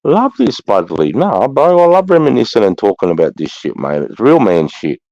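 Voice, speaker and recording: Very low-voiced Australian man, swearing freely. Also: very animated, moderate pace, mellow, no room sound. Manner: swears freely, says mate often. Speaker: livestream host. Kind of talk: casual chat. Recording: dull, lo-fi stream audio.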